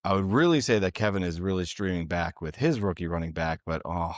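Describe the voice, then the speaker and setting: A man's voice: low-pitched, no echo, studio quality. A man co-hosting a casual podcast chat, teasing his friends, with lots of fillers. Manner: teasing, halting with many fillers. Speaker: podcast co-host.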